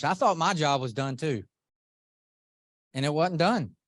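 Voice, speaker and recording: A middle-aged man giving an earnest, animated motivational talk to a live group, often asking the audience questions. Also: fairly high pitch, measured pace, no room sound. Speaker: motivational speaker.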